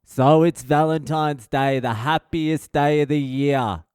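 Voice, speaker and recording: A man's voice: fairly high pitch, fairly even intonation, slow pace, a little mellow, clean tone, clean studio sound. Comedian guy ranting on his podcast, cursing, making fun of himself, clean resonant voice, no room echo. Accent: Australian. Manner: profane, self-mocking, acts out quotes. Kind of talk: casual comedic monologue.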